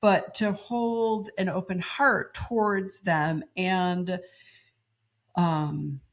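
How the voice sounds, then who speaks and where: A woman co-hosting a podcast, speaking earnestly and thoughtfully, with pauses and hesitations. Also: lowish voice, fairly even intonation. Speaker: podcast co-host. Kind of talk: reflective conversational podcast.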